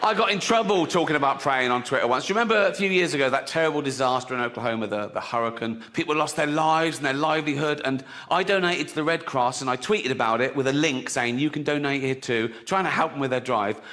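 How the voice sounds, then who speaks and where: A man's voice: medium pitch, quick pace, hardly any pauses, bright, forceful tone, big-room sound. A man doing a stand-up comedy routine, chatty, full of rambling asides and "you know what I mean".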